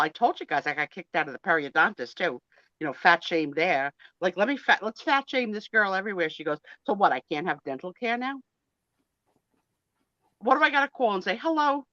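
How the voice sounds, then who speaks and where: A woman's voice: sits low, fairly bright tone, no echo, muffled recording. A woman in her sixties, a guest on a casual live video chat, talking in a blunt, joking, self-mocking way. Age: 60s.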